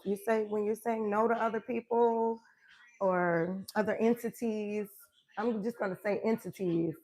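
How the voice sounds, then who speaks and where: A woman coach talks to her viewers from her home workout space. She is emphatic and affirming and laughs easily. Her pitch sits in the middle range. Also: a little mellow. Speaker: wellness coach. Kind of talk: live-stream motivational chat.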